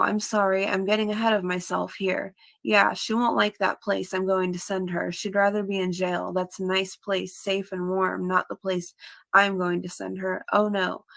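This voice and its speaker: A woman's voice: medium pitch, creaky, fairly bright tone, no echo. A woman reading out online comments and her replies in a casual, matter-of-fact way. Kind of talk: casual reading of chat messages aloud.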